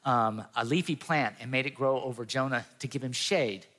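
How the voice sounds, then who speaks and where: Bright-voiced man preaching in a hall. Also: medium pitch, normal speed. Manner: earnest, conversational preaching with voiced quotes. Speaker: pastor. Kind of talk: sermon. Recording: long reverb of a hall.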